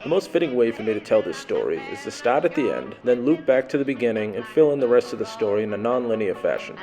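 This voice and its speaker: Guy narrating his travel story, deadpan sarcastic, mid-pitched voice. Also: fast talker, faint music behind. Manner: dry, sardonic storytelling. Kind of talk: scripted narration.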